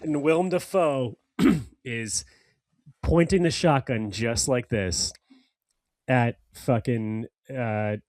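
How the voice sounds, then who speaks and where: Podcast dude, teasing, swears a lot, plain mid voice, dry close mic. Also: male voice, medium pitch, takes it slowly, darkish tone, no room sound. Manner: teasing, swears freely, sets up quizzes. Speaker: podcast co-host. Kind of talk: casual chat.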